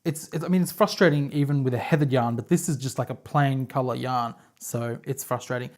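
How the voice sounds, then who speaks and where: A woman's voice: extremely low pitch, a little fast, darkish tone. An Australian woman hosting a knitting podcast, talking to camera in a chatty, rambling, self-deprecating way from home. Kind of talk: casual chat to camera. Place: home, on her couch.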